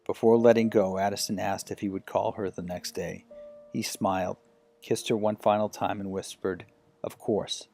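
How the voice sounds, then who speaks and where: A man reading a romance short story aloud as an audiobook narrator, telling it in a gentle, unhurried way. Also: lowish voice, flat delivery, creaky, soft background music. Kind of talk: scripted narration.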